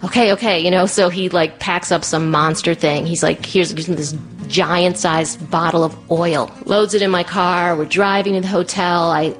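A middle-aged woman telling a personal story live, animated, acting out the people in it. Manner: animated, acts out her child in a high voice.

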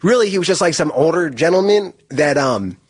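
A man's voice: fairly high pitch, lively intonation, brisk, slightly rough, no echo. An incarcerated man telling a story in a rambling casual way, filling his speech with "like" and small laughs.

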